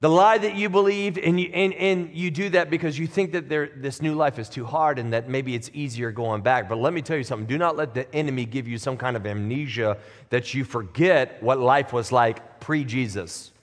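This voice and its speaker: A man's voice: medium pitch, normal speed, long reverb tail. A man preaching a sermon as pastor, in a conversational, plain-spoken way that builds to emphatic peaks. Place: church sanctuary.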